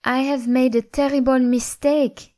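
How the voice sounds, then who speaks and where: A woman's voice: on the high side, a little slow, clear, resonant tone, voice pushed up, natural voice. A woman voicing a young French exchange student girl with a French accent, chirpy and giggly. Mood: apologetic. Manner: chirpy, giggly, sing-song.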